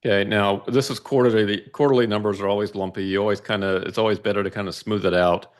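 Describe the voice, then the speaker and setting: A man with a fairly low voice explains financial charts in a methodical, conversational way. He steps through each figure carefully and often checks in with a quick "right?". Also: fairly even intonation. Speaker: investment analyst guest. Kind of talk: casual financial discussion walking through charts.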